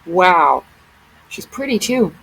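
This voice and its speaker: A woman's voice: on the low side, big pitch swings, slow pace, gravelly, a bit bright, husky, rough recording. A woman vlogger giving casual commentary on photos, often exclaiming in amazement.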